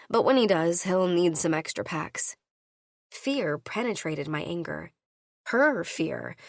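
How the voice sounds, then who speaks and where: A woman reading a first-person audiobook, voicing each character with her own shifts in pitch. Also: creaky, no room sound, studio quality. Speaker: audiobook narrator.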